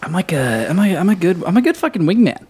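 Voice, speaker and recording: A man's voice: sits high, big pitch swings, quick pace, darkish tone, breathy edge. A man co-hosting a podcast, boastful and sweary, a bit tipsy from drinking. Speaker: podcast co-host. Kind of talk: casual profane banter.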